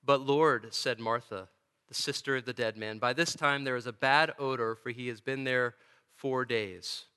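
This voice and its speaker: A man's voice: medium pitch, steady tone, normal speed, pushed and bright, clean tone. A male pastor preaching a sermon in a church, earnest and emphatic, with touches of dry humor. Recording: long church reverb.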